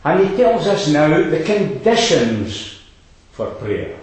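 A man's voice: fairly high pitch, big pitch swings, slow, a little mellow, heavy reverb, rough recording. A man preaching a sermon, emphatic and fond of rhetorical asides to his congregation.

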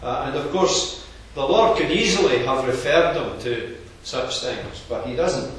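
A man preaching a sermon in a measured, earnest expository manner. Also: medium pitch, lively intonation, a bit bright. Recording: very echoey, distant room recording.

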